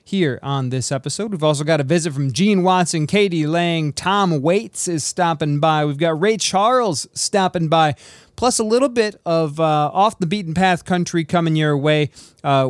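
An upbeat male radio host chats through his show intro on a studio microphone. His voice runs a little high for a man and sounds close and dry, with no room echo. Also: unhurried. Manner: upbeat, chatty.

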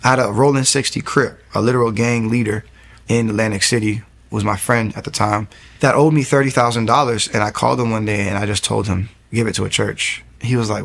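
A man in his thirties, giving an earnest faith testimony as a guest in fast storytelling with many restarts. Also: on the low side, steady tone, creaky, fairly bright tone.

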